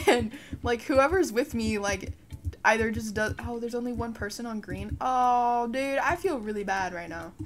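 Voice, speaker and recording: A young woman giving casual commentary over a game, frustrated and swearing, with sudden shouted outbursts. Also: fairly high pitch, slight background noise. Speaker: gaming YouTuber. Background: faint background music.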